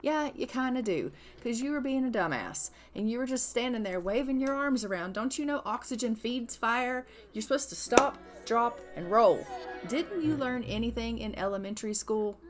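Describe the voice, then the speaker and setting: A woman narrating her life-sim gameplay in casual, chatty style, sarcastic and quick to exclaim. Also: on the high side, lively intonation, faint music behind. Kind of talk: casual let's-play narration.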